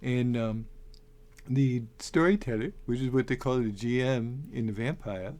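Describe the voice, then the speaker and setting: A man hosting a casual talk, rambling and animated with many restarts. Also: mid-range voice, a little slow. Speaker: host. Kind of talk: casual talk on making tabletop game characters.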